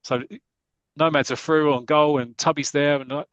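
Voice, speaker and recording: A man's voice: a little high, steady tone, moderate pace, a bit bright, no room sound. Chatty man retelling a comic story. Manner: rambling, many fillers and restarts, chatty. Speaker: podcast host.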